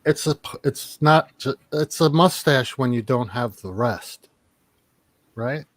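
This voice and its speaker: A man's voice: medium pitch, takes it slowly, no echo. A man in casual chat on a chat show, laid-back and rambling, who laughs often.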